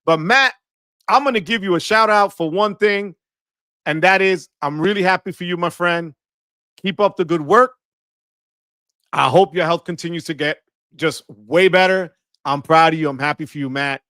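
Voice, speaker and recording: A man hosting a live stream, greeting viewers one by one in an energetic, slangy way with Spanish words mixed in. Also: high voice, normal speed, long pauses, no echo, clean studio sound. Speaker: livestream host.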